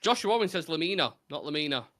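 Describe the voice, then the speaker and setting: A man's voice: on the high side, animated, bright, forceful tone, dry recording, studio quality. A man co-hosting a live chat show, reading out rhyming clues and joking with his co-hosts. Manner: reads rhyming clues in a sing-song way, quick banter. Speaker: co-host running a player quiz. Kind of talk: casual livestream chat.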